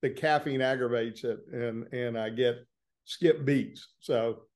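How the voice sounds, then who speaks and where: A trial lawyer from Florida, speaking with a Southern accent, appears as a guest in a casual interview. He tells stories about his courtroom work in an easygoing, plain-spoken way, slowly and at an ordinary middle pitch.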